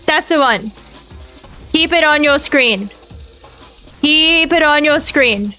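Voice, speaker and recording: A woman's voice: sits high, lively intonation, slow pace, sharp tone, soft background music. A young woman streaming a game, talking herself through it in a frantic, swearing way. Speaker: VTuber streamer. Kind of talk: live gameplay commentary.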